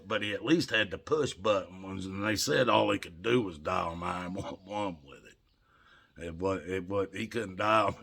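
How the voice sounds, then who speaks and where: Older guy rambling folksy stories to the camera, gravelly, kinda bright edge. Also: low-pitched. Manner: folksy, rambling, chuckles while telling. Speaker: vlogger. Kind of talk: casual storytelling.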